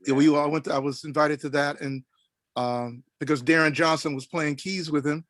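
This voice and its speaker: A middle-aged man from Oklahoma telling a story on a panel, animated and rambling with many restarts. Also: fairly high pitch, moderate pace, no echo. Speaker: panel guest.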